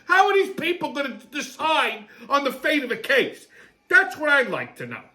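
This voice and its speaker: A man's voice: very high voice, normal speed. Foul-mouthed, sarcastic male host ranting. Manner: profane, sarcastic and swinging between muttering and excited outbursts. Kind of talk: comedic storytelling monologue.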